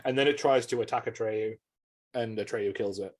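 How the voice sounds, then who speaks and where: A man's voice: medium pitch, steady tone, normal speed, a little mellow. Male podcast co-host, mid voice, rambling, filler-heavy. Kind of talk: casual chat.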